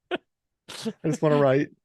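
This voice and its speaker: A man's voice: on the high side, level tone, slow, darkish tone, no echo. A man guesting on a podcast in a casual chat, joking around and trying out silly phrases. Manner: playful, jokey, tries out silly phrases.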